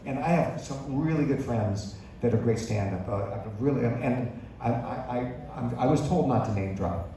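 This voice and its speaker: A man's voice: medium pitch, normal speed, few pauses, dark tone. An older male musician being interviewed on stage, chatty, joking and self-deprecating. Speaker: guest musician. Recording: echoey hall, distant mic, noisy.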